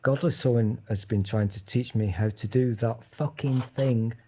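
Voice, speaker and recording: Man with a mellow voice on a call. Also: medium pitch, moderate pace. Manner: playful, trying out a New York accent. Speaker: video call participant. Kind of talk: casual chat. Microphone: video call.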